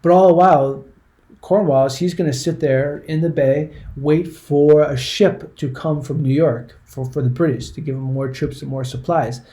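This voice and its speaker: A man's voice: on the high side, fairly even intonation, normal speed, warm tone. A man giving a conversational history lesson, often restarting words and checking in with the listener. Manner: conversational, repeats words, frequent "right?" checks. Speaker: history teacher. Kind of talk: classroom history lecture.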